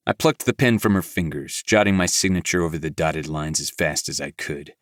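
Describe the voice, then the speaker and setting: A man narrating a novel in first person with a flat, gruff delivery. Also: a bass voice, normal speed, few pauses, no echo, clean studio sound. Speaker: audiobook narrator. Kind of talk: scripted narration.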